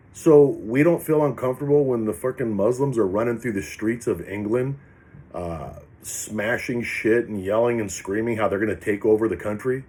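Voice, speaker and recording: A man's voice: fairly low pitch, darkish tone. A man vlogger delivering ranting political commentary in an angry, profane, rambling way.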